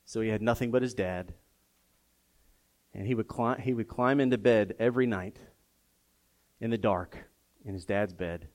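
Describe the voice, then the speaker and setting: A man preaching a sermon to a live congregation. His delivery is openly emotional and personal, and it climbs from soft, intimate tones to loud, impassioned emphasis. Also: lowish voice, normal speed, long pauses. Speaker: pastor.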